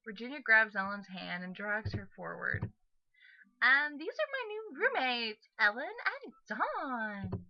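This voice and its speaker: A woman's voice: on the high side, big pitch swings, slow, no echo, lo-fi sound, heavily acted. A woman voicing a spunky young witch student who talks in a bubbly, emphatic way.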